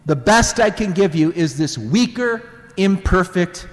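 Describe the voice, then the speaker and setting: A man's voice: high voice, lively intonation, unhurried, long reverb tail. A man voicing a humbled adult male disciple who speaks in an earnest, pleading way.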